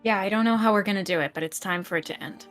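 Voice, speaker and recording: Tess, a woman playing a calm young counselor. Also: medium pitch, rapid-fire, soft background music, natural voice. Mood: determined. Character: young female camp counselor Tess, steady. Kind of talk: in-character tabletop role-play.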